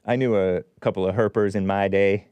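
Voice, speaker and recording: A man's voice: fairly low pitch, fairly quick, smooth, no room sound, muffled recording. A man hosting his own show, reading a news story aloud and breaking in with sarcastic asides. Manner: sarcastic asides, animated ups and downs. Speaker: host.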